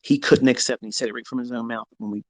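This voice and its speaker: A man's voice: medium pitch, very fast, no room sound, rough recording. Trading educator, male, mid-range voice; candid storyteller, swears freely, dead-dry close mic. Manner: blunt and profane, animated retelling.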